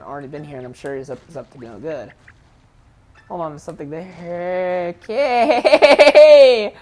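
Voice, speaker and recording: A woman's voice: fairly low pitch, a little hiss or hum. Rambling woman commenting on gameplay. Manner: rambling, frank, self-correcting. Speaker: let's play commentator.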